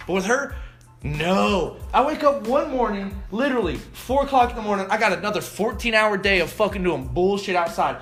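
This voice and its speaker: A young man in his twenties telling stories in a casual interview, animated and swearing, acting out what people said. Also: high-pitched, normal speed, echoey room, faint music behind. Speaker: guest. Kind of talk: casual storytelling.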